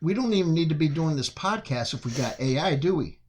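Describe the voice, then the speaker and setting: A man's voice: a little high, lively intonation, fairly quick, a little hiss or hum. Crude joking male podcast host. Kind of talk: casual podcast chat.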